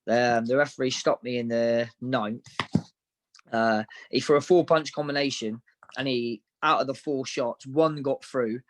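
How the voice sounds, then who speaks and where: A man recounts his fights in a relaxed, frank interview. His voice sits at an ordinary middle pitch. He talks matter-of-factly and in anecdotes. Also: unhurried. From Devon, England. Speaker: professional boxer, interview guest. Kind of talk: casual interview storytelling.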